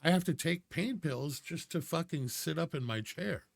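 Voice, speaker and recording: A man's voice: a little high, normal speed, vocal fry. A man co-hosting a podcast, telling a blunt, profane story in casual chat. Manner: swearing storyteller, acts out the voices in his stories. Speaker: podcast co-host.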